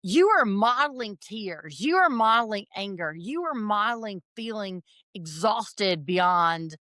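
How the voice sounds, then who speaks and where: Woman guest, mid-pitched voice, dry close mic, affirming and reflective. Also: expressive, unhurried, pushed and bright, no echo. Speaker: podcast guest, founder. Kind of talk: supportive conversational chat.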